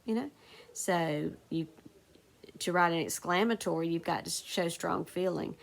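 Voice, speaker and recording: In a recorded phonics lesson for second graders, a woman teacher patiently asks the class questions and then answers them herself. Her voice is fairly low and gravelly, and she speaks unhurriedly.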